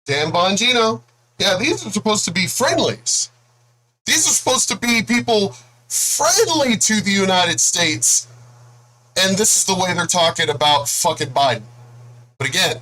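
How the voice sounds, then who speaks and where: A man rants to camera in a slow, deliberate way. His voice sits a little high and sounds bright and sharp, and his delivery is profane, mocking and angry throughout. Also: sing-song, low-quality recording. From El Paso, Texas. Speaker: video blogger. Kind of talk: political rant to camera.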